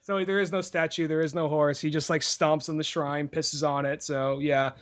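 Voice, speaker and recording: Man, young adult, podcast co-host, casual rambling chat, somewhat high pitch. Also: level tone, normal speed. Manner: rambling, lots of fillers and swearing.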